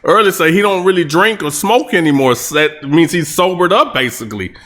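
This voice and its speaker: A man reacting to a rap track, breaking down the lyrics line by line in a casual, excitable way with hype shouts. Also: on the high side, brisk. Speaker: music reaction host.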